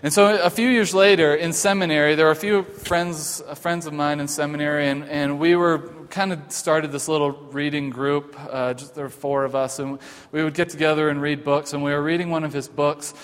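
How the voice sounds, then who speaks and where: A male pastor gives an informal sermon with a somewhat raised pitch. He speaks in a halting, conversational way, full of restarts and filler sounds. His voice carries a long echo through a church sanctuary. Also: fairly even intonation, clear, resonant tone. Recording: long hall reverb.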